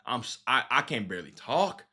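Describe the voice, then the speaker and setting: A man's voice: mid-range voice, very animated, brisk, sharp tone, voice pushed down, full character voice. A man voicing a reluctant, self-pitying Moses who mumbles that he cannot speak well. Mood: whining. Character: reluctant, whiny male Moses pleading he can't speak.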